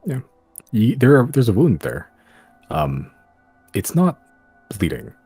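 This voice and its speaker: A man narrating a tabletop game as game master, describing scenes in a halting way with many fillers. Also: on the low side, wildly swooping pitch, warm tone, husky, no room sound, soft background music.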